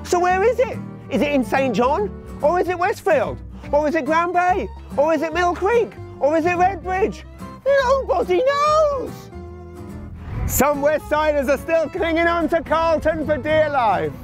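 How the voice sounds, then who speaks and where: A man's voice: very high voice, animated, normal speed, faint music behind. An English man doing a sarcastic, exasperated comic monologue as a comedian. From England.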